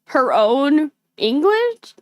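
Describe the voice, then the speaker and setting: Lively woman streamer. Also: high voice, extremely slow, no room sound. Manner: rambling, filler-heavy, animated. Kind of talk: casual live-stream chat.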